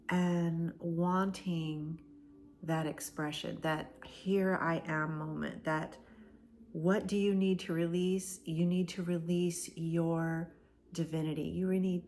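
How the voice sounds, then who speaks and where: Slow, soft-spoken woman oracle reader. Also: fairly low pitch, slight background noise. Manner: slow, emphatic and repetitive, dropping into soft breathy near-whispers. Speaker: spiritual oracle card reader. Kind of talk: channeled collective oracle card reading.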